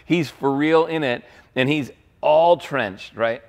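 A man, a pastor, preaching a sermon with animated storytelling, acting out quoted lines. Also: on the high side, slow pace.

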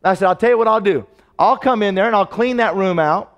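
A man preaching a sermon, telling stories and acting out the dialogue, his voice swinging from loud to hushed. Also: high voice, fairly quick, long reverb tail, dull audio. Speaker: pastor. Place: church sanctuary.

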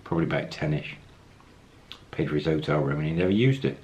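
A man's voice: rumbling low, animated, fast talker, a little mellow, dull audio. A man casually telling a travel story, acting out the quoted lines as he goes. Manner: anecdotal, acts out quoted lines, chuckles.

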